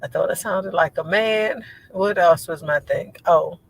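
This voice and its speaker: A woman with a low voice, chatting casually on a livestream, rambling and laughing often as she answers viewer comments. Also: unhurried, creaky, slightly rough, low-quality recording. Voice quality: low voice she says sounds like a man's. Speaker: livestream host.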